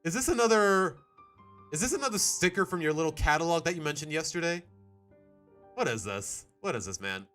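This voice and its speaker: A man chats through a live stream, reacting to videos with groans, sighs and laughter. His voice is bright and slightly high, swinging widely in pitch. Faint music plays behind him. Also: a little fast. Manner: animated, sighing, groaning and laughing.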